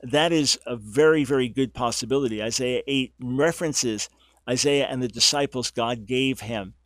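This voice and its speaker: A man's voice: mid-range voice, normal speed, no echo. Emphatic male radio talk host, dry studio sound. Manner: emphatic and animated, stressing key words. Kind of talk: radio talk show monologue. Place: radio studio, audio only.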